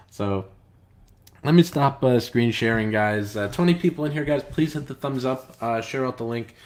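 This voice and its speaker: A man's voice: medium pitch, normal speed, pauses often, darkish tone. A man hosting a casual live stream, reading viewer comments aloud and talking in a rambling, hesitant way with lots of filler words and an aggrieved, complaining tone. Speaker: comic book writer and live stream host.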